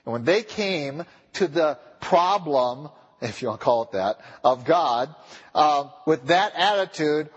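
A man preaching a sermon in a church, with a husky voice, pressing his listeners with repeated rhetorical questions. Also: a little high, animated, unhurried, highs cut off. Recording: long reverb of a large hall.

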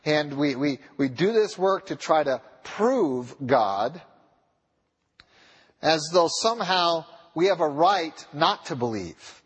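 Animated husky preacher in an echoing hall. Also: male voice, on the high side, slow pace. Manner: animated, repeated rhetorical questions. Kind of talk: sermon. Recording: long reverb of a large hall.

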